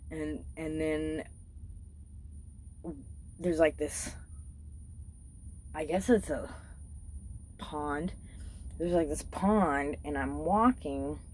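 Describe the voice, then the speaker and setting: A woman's voice: sits low, a little mellow, slight background noise, low-quality recording. A woman vlogger casually recounting a dream, rambling and swearing freely. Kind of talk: casual storytelling.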